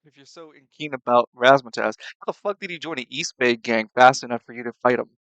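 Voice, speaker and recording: A game master running a tabletop game, describing the scene bluntly and swearing casually. The voice is bright and smooth, at a middle pitch, recorded close and dry. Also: fast talker, no echo.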